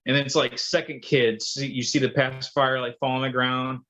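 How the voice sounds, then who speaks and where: A man's voice: mid-range voice, flat delivery, normal speed, a bit bright. Rambling man telling dad stories. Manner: rambling storyteller, acts out quotes. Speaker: podcast co-host. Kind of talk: casual chat. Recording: dull lo-fi sound.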